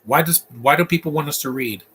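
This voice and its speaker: A man's voice: fairly high pitch, quick pace, a bit bright, slight background noise. A man giving casual, opinionated live commentary while watching a movie, rambling through asides and restarts.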